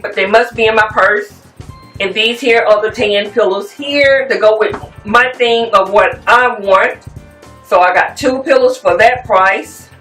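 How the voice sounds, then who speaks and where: Chatty woman in an echoey room. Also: a little high. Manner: chatty, rambling, addresses viewers as y'all. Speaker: home decor vlogger. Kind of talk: casual show-and-tell chat. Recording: echoey room, mic at a distance, soft music.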